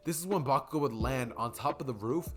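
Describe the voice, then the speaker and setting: A man's voice: medium pitch, fast talker, a bit bright, faint music behind. Casual young man narrating a story. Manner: casual and rambling, many fillers. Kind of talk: improvised fan story narration.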